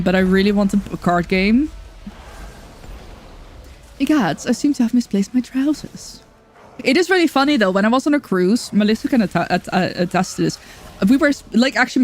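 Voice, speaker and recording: A woman streaming a game in casual chat, chatty, excitable and self-mocking. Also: medium pitch.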